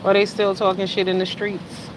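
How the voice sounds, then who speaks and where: A woman's voice: level tone, normal speed, noisy background. Chatty woman livestreaming to her viewers. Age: around 50. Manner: chatty, swings from loud exclamations to low mutters. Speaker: livestream host. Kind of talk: casual livestream chat with viewers.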